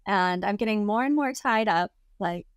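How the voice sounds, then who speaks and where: A young adult woman, a content creator guesting on a podcast, tells a story casually in a clear, resonant, medium-pitched voice at normal speed. The studio-quality recording has no echo, and she's chatty, saying "like" a lot and acting out quotes.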